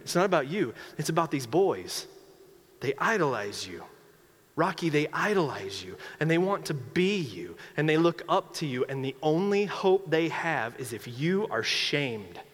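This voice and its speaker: Preacher as an earnest prison priest, urgent and repetitive, in a reverberant church. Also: male voice, on the high side, sing-song, measured pace. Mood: insistent. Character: earnest male prison priest, calm and insistent.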